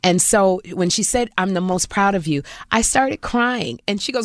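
Animated woman telling lively stories. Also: medium pitch, normal speed, dry recording, clean studio sound. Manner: animated storyteller, acts out quoted voices. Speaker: guest. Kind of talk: casual chat.

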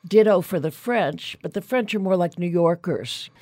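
A woman's voice: lowish voice, lively intonation, moderate pace, mellow, no echo. Enthusiastic woman author on the radio. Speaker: author guest. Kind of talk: studio interview. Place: radio studio.

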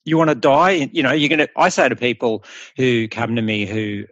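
A man's voice: mid-range voice, steady tone, moderate pace, a bit bright, no room sound, highs cut off. A middle-aged Australian man, a health coach, talking bluntly and animatedly in a casual podcast conversation, swearing freely.

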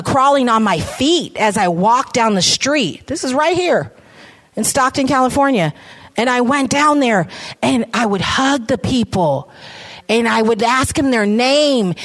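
A woman's voice: a little high, fairly bright tone. Impassioned woman giving a testimony talk. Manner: impassioned, repeats phrases, emotive. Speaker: ministry founder speaking to an audience.

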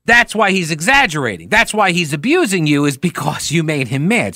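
A man's voice: on the high side, very animated, normal speed, hardly any pauses, sharp tone, dry recording. A man hosting talk radio, giving sarcastic, mocking commentary into a studio microphone.

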